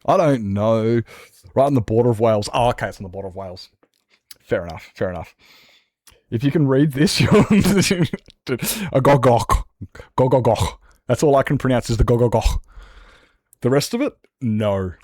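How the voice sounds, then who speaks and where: A man's voice: mid-range voice, darkish tone, no room sound. Joking Australian man on a dry mic. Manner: joking, self-mocking banter with chat. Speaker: streamer. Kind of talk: casual gaming stream chat.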